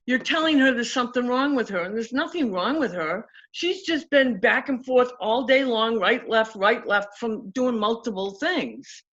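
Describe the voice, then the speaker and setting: A woman coach in an interview, telling stories with lively acted-out quotes in casual talk. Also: a little high. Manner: animated, acts out quotes in story. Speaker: guest coach. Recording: dull lo-fi audio.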